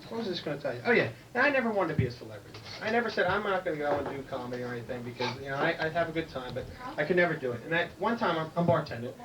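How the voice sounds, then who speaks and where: A man telling rambling stand-up stories on a club stage, his voice a little higher than most men's. He sits away from the microphone, so he sounds distant, with a clear hiss of noise under him. It is an amateur club recording. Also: lively intonation, rapid-fire, few pauses. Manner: rambling joke-telling with high-pitched impressions. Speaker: stand-up comedian. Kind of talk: stand-up comedy set. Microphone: handheld stage mic, drifting off it.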